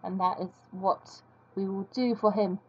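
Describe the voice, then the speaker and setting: A woman's voice: medium pitch, fairly even intonation, a little slow, husky, dull audio. A woman giving casual, rambling, self-deprecating commentary while she draws for her video. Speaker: video creator.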